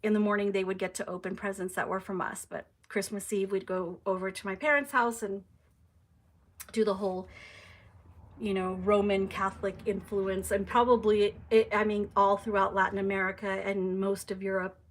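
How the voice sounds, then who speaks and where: A woman's voice: medium pitch, little pitch movement, moderate pace. A young adult woman casually chatting on a live stream, reading out viewer comments with plenty of "you know" and "um".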